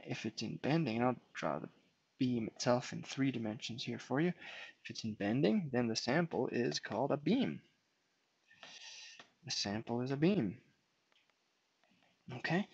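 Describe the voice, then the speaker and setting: Drawing as he goes, this man delivers an off-the-cuff whiteboard lecture step by step, frequently restarting his phrases and dropping in fillers. His medium-pitched voice is gravelly and husky, with no echo. Sound quality is dull and lo-fi.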